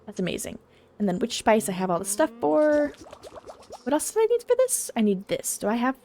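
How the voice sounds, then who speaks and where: A woman's voice: on the high side, wildly swooping pitch, a little fast, warm tone, slight background noise. A woman streamer chatting casually and thinking aloud while playing a game. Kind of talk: casual gameplay commentary.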